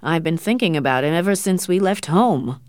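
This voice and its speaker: A woman's voice: fairly low pitch, expressive, normal speed, no echo, studio quality, lightly acted. A woman doing a stern, cold older doctor father. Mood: cold, quiet. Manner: quiet, controlled, hard.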